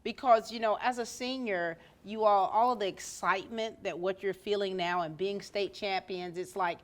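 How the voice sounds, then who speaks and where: A woman's voice: medium pitch, steady tone, moderate pace. A woman interviewing a student for local TV, effusive and encouraging, with rambling, looping questions. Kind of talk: casual interview.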